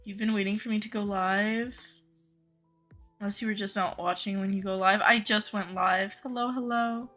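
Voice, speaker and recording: A woman's voice: mid-range voice, fairly even intonation, normal speed, a bit bright, faint music behind. A young woman live-streaming a game, chatting casually with viewers, greeting them by name and gushing over cute things.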